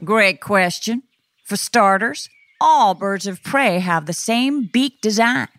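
A woman's voice: medium pitch, animated, slow pace, a bit bright. Friendly woman explaining birds. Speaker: ornithologist guest. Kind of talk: scripted educational dialogue.

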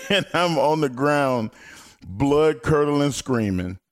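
A man, a former pro wrestler, telling stories in casual talk, animated, laughing and swearing, loud when he quotes people. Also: a little high, slow. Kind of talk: casual storytelling on a podcast.

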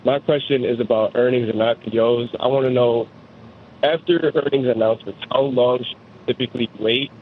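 A man's voice: mid-range voice, steady tone, a little fast, slight background noise. A man calling in to a finance show, asking his question politely and hesitantly with many fillers. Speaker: caller. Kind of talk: phone-in question. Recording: tinny phone line.

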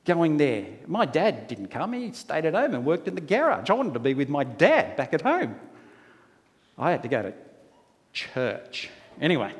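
A man's voice: a little high, big-room sound. A man preaching a sermon, telling folksy stories and asking rhetorical questions. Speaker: pastor.

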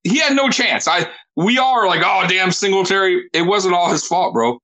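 A man hosts a casual sports chat in a blunt, emphatic way, and he says "bro" a lot. His voice is high and lively. The tone is bright and forward. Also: moderate pace, poor audio. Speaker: podcast host.

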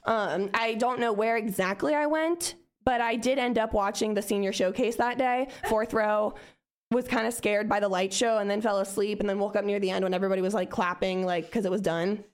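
Here a young woman, guesting on a podcast, speaks at medium pitch and a brisk clip. Her storytelling is casual and lively, full of swearing, and she imitates the voices of the people in the tale.

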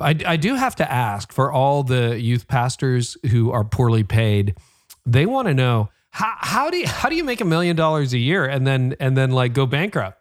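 A man hosting a podcast interview, reacting with exclamations and quick jokes. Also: mid-range voice, sing-song, no echo, studio quality. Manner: responsive, exclaiming and joking. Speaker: podcast host.

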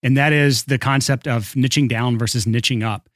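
An upbeat male podcast host talks straight into a close studio mic. The sound is dry and tight with no room behind it, and his pitch sits in an ordinary middle range. He moves easily between a polished ad read and relaxed banter. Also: normal speed, no echo. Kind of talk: casual podcast chat and read ad.

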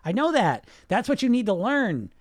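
A man's voice: high-pitched, big pitch swings, moderate pace, no echo, studio quality. Blunt, profane male podcast coach. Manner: blunt, profane, fires rhetorical questions; mocks listeners with put-on whiny voices. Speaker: weight loss coach and podcast host. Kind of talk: casual podcast monologue.

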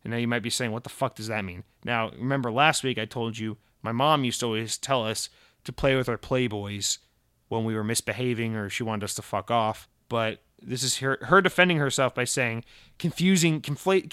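Profane, animated male podcast host, dry mic. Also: medium pitch, smooth, dry recording. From Massachusetts. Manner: animated, profane, swings between loud rants and muttered asides. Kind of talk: casual chat.

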